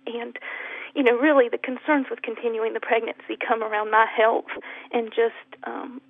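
A woman calling in to a radio show, speaking softly and haltingly with many pauses. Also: on the high side, fairly even intonation, no room sound. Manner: soft, halting, many ums. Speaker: caller. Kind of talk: emotional phone-in call. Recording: tinny phone line.

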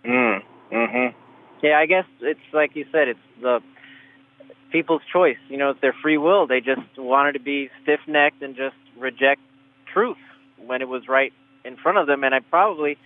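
A man's voice: mid-range voice, normal speed. Hesitant male caller on a tinny phone line. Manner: hesitant, rambling. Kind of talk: phone-in call.

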